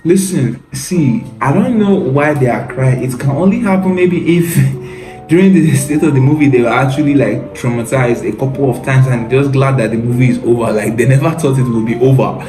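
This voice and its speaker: A man delivers casual reaction commentary, sounding mocking and exasperated and laughing as he goes. His voice sits in a middle pitch and rings out in an echoey room. Faint music plays in the background. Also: normal speed. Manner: mocking, exasperated, laughs often, says "bro". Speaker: commentary video host.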